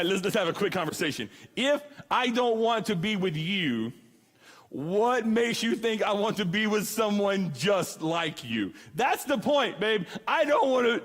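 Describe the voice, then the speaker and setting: A man in his thirties giving a comic youth sermon, acting out the voices in his stories. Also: sits high. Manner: animated storyteller, acts out dialogue. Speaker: student ministry speaker. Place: church hall. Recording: long hall reverb.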